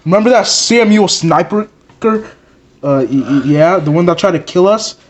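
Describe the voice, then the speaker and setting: A man voicing a hot-headed, foul-mouthed male plush puppet who swears constantly and works himself up into shouts. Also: high-pitched, moderate pace, close to an everyday voice. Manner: swearing, excitable, rising to shouts. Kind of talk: plush puppet comedy skit.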